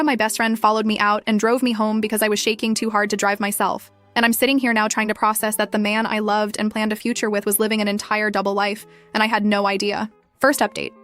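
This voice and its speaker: A young woman narrating a scripted first-person story in a brisk, dramatic way. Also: mid-range voice, fairly bright tone.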